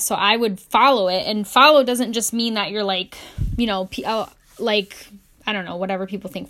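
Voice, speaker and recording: A young woman giving a casual, earnest Bible teaching, full of fillers, slowing down when she reads verses aloud. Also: medium pitch, fairly bright tone. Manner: conversational and earnest, many "like" and "um" fillers; reads scripture slowly and deliberately. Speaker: Christian YouTuber teaching on the Bible.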